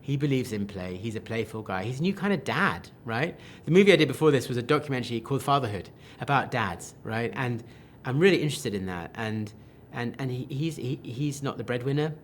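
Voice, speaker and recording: A man, a film director, answering interview questions with enthusiastic, animated talk full of restarts and quoted asides. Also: mid-range voice, a little fast, few pauses, a little hiss or hum.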